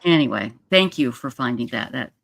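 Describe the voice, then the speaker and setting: A livestream host talks casually in a rambling, relaxed way, often trailing off. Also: medium pitch, normal speed, gravelly.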